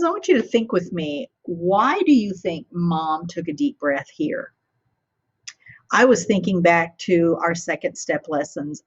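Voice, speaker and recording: Slow, breathy woman teacher reading aloud. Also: lowish voice, muffled recording. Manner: warmly interactive, asking children questions. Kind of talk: reading a picture book to children.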